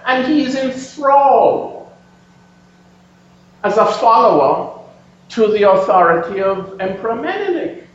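High-voiced man lecturing in an echoey hall. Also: measured pace. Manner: animated, emphatic, addresses audience. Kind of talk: history lecture with slides. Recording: echoey, distant, dull lo-fi room recording with faint hum.

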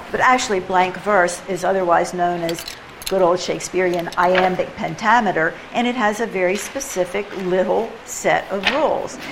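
Woman, poetry workshop leader, low-ish voice, playful and chatty in front of a group, faint room hiss. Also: gravelly. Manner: chatty, animated, playful, mimics rhythms aloud. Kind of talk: informal teaching to a group.

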